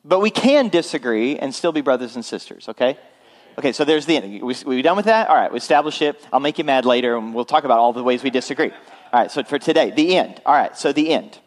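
A man's voice: mid-range voice, lively intonation, fast talker. Male pastor, conversational sermon delivery, frequent check-ins with the congregation. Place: church.

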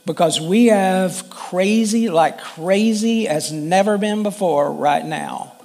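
A man preaching a sermon in a high, light voice at an unhurried pace. He speaks as a pastor in an earnest, conversational way. His sentences often stop and start again as he works through his thoughts. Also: a little mellow.

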